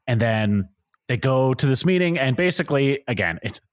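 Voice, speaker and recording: A man's voice: medium pitch, animated, moderate pace, no echo, clean studio sound. A man co-hosting a podcast in casual chat, retelling scenes loosely with many fillers.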